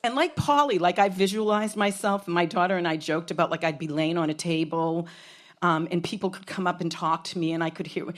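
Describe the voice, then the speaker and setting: A woman's voice: on the low side, brisk. A middle-aged woman telling a frank, comic personal story on stage, swearing freely. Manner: frank, profane, comic, with laughs from a crowd.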